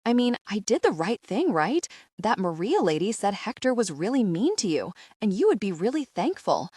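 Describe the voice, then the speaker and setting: A woman's voice: mid-range voice, big pitch swings, normal speed, darkish tone, husky, no echo, clean studio sound. A woman voicing an anxious eight-year-old boy in an audiobook, speaking in a pleading way. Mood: worried.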